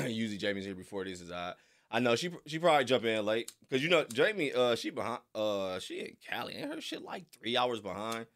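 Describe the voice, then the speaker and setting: A man's voice: mid-range voice, very animated, a little fast, a bit bright. A man hosting a live stream in casual chat, laid-back and slangy, reading viewers' messages aloud.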